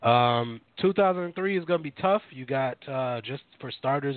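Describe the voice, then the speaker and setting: A podcast co-host, here on a casual radio show, rambles with many fillers and self-corrections. His mid-range voice keeps a moderate pace, and the dry recording has no room sound but a narrow, phone-like quality.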